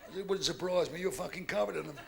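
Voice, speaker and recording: Brash gravelly man telling stage jokes. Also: high-pitched, rapid-fire. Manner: brash, bawdy joke-telling, acting out both sides of each exchange. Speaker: stand-up comedian. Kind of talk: stand-up comedy routine. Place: large theatre stage. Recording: noisy live theatre recording.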